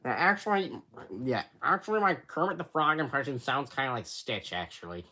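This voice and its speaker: A teenage boy chatting casually on a livestream from his bedroom, halting and rambling with many restarts. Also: mid-range voice, lively intonation, bright, forceful tone. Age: teens. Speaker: livestream host.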